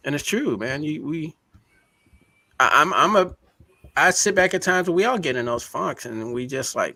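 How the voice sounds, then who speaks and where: Guy cohosting a live show, bright punchy voice, rambling and heartfelt, dry close sound. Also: fairly high pitch, expressive, moderate pace, no echo. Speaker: co-host. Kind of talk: casual chat.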